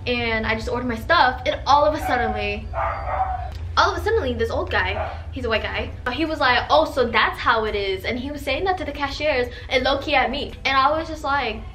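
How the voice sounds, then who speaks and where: A young woman vlogger telling stories to camera in a sassy, animated way, swearing freely. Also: high-pitched, brisk, a little hiss or hum. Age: young adult. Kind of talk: casual storytelling to camera.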